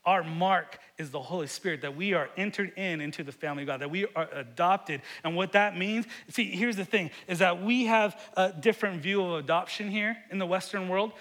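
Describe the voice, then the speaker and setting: A middle-aged man preaching a sermon, earnest and often repeating words, swinging between loud emphasis and hushed moments. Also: sits high, fairly quick, hardly any pauses. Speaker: pastor.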